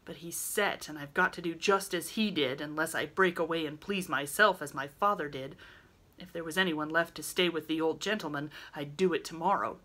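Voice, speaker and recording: A woman reading aloud, voicing an excitable, impatient teenage boy who talks in emphatic outbursts. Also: lowish voice, normal speed. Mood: impassioned.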